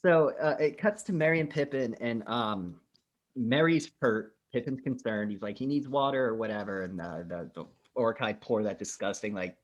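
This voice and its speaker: Podcast guy with a middling voice, swears a lot, retelling movie scenes all animated. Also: mid-range voice, normal speed, muffled recording. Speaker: podcast co-host. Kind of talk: casual film discussion.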